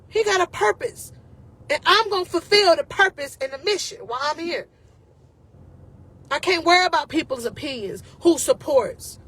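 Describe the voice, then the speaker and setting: A woman's voice: extremely high pitch, fairly bright tone. A woman life coach giving an emotional, encouraging faith talk to her viewers, casual and often close to tears.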